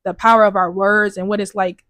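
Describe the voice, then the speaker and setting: A woman's voice: mid-range voice, flat delivery, a little fast, a bit bright, no room sound, studio quality. A woman hosting a podcast, talking casually with lots of "like" fillers. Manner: casual, lots of "like" fillers, faith-minded reflections. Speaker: podcast host. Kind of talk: casual chat.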